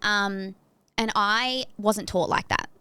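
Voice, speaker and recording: A young adult woman, a psychic medium guest, chatting in a loud, chirpy and blunt way and laughing often. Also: medium pitch, takes it slowly, smooth, no echo. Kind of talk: casual interview chat.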